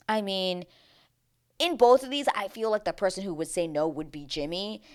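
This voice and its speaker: Chatty woman with a lowish voice. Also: fairly bright tone, smooth. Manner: chatty and emphatic, with slang and tangents. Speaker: reality TV recap vlogger. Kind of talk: casual opinionated recap commentary.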